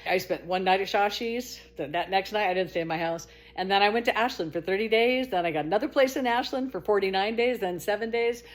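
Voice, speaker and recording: A middle-aged woman tells her own story a little fast, with hardly any pauses. Casual and animated, she jumps into high exclaimed quotes, falls to low murmurs, and laughs as she goes.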